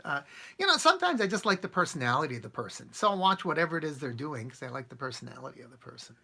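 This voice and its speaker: A man with a gravelly, bright voice chats with his live-stream viewers in an easy, rambling way. His pitch rises and falls a lot, and he chuckles between thoughts. He answers comments one by one, as they come in. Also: very animated, racing. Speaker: channel host answering live chat. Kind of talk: casual live-stream chat.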